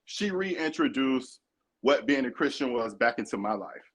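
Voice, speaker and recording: A man's voice: medium pitch, expressive, measured pace, a bit bright. A man co-hosting a podcast, talking earnestly and emphatically in casual chat. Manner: earnest, emphatic, acts out quoted voices. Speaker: podcast co-host.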